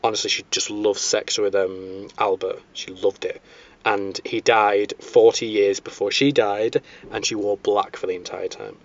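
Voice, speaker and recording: A man's voice: on the low side, little pitch movement, unhurried. A man hosting a casual podcast, telling history in a rambling way with many fillers and restarts, on a dull lo-fi recording. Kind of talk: casual chat. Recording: dull lo-fi sound.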